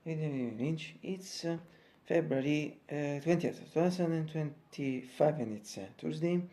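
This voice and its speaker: A man's voice: a little high, a little slow, warm tone. A man with an Italian accent, speaking English as a second language, giving a casual daily weather report with many fillers and restarts. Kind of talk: casual daily video diary.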